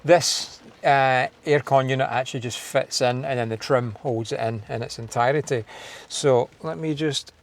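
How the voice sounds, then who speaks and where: A man's voice: mid-range voice, steady tone, moderate pace. A Scottish man hosting a do-it-yourself car video, talking casually and poking fun at himself as he works inside a parked car. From Scotland. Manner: chatty, self-deprecating, thinking aloud while working. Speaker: car DIY video host. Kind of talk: casual install walkthrough.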